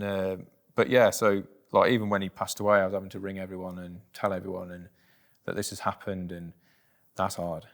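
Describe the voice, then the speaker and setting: British male guest, low voice, plain-spoken, halting with fillers. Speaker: interview guest. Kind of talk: candid personal storytelling.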